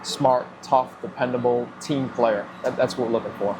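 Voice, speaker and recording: A man with a Boston accent, a football general manager answering interview questions in a measured, businesslike way, with many "you know" fillers. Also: medium pitch, steady tone, background noise. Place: live remote broadcast at a football event.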